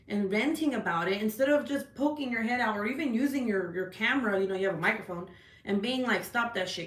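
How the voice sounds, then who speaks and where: A woman telling a story in a casual rant, animated, swearing a lot, with many "like"s and "right?"s. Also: medium pitch, roomy sound. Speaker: vlogger. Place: at home.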